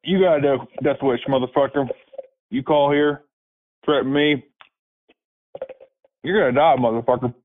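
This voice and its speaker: A man's voice: medium pitch, fairly even intonation, normal speed, pauses often. Furious man on a tinny phone line. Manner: angry, threatening, profane. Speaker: prank call target. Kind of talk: heated phone argument.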